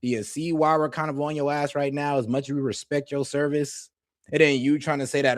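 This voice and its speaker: A man gives casual, slangy reaction commentary in a somewhat high voice, reasoning through his point in conversation. His voice sounds dry and close to the mic. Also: fairly even intonation, a little fast, dry recording. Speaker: reaction video host.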